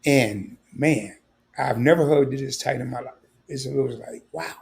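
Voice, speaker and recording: Older man, livestream host, gravelly fry voice, candid rambling talk. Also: medium pitch, moderate pace, a little mellow.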